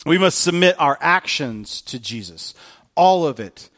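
A man in his thirties delivering a sermon as a pastor. His voice sits high and swings widely in pitch. He keeps it animated, joking and poking fun at himself. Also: a little slow. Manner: animated, joking and self-mocking.

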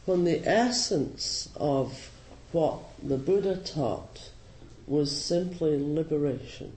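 A man with a Scottish accent, a Zen teacher giving a slow, gently humorous and reflective dharma talk. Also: on the high side, expressive, a little hiss or hum. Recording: roomy hall with faint ambience.

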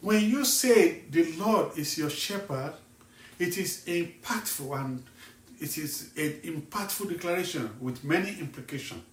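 A male evangelist from Nigeria preaching a sermon slowly and emphatically, asking the listener pointed questions. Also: on the high side, animated, far from the mic. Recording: echoey room, voice set back from the mic.

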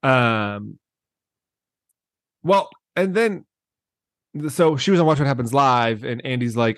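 A man's voice: mid-range voice, slow, pauses often, no room sound, clean studio sound. A man podcast co-host in casual gossip chat, recapping a story and laughing often.

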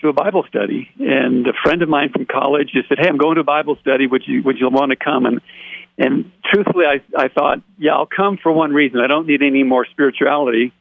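A man as an interview guest, telling a personal testimony in an animated way and acting out the dialogue he quotes, over a phone line. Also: mid-range voice, a little fast, gravelly, no echo. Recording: tinny dry phone line.

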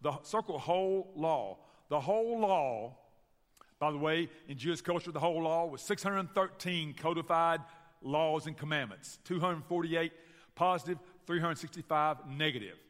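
Southern pastor with a higher voice. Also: male voice, moderate pace, big-room sound. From Tennessee, US Southern. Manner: storytelling, animated, addresses the church directly. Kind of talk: sermon. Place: church sanctuary.

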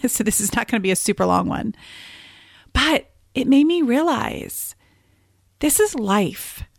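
A woman in her thirties hosting a solo podcast. She tells stories in an animated way and often laughs. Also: on the high side, unhurried, vocal fry, no room sound, clean studio sound. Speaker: podcast host and business coach. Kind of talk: casual solo podcast talk.

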